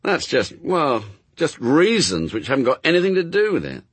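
A man's voice: on the high side, wildly swooping pitch, normal speed, breathy edge, no echo, voice pushed up, full character voice. Storybook demon, leaden and fatalistic, read by a male narrator, dry and close. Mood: gloomy. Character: gloomy, cynical male demon.

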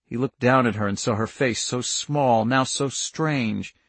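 Man reading a thriller audiobook, steady measured voice, dry sound. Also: mid-range voice, no echo. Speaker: audiobook narrator. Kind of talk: scripted narration.

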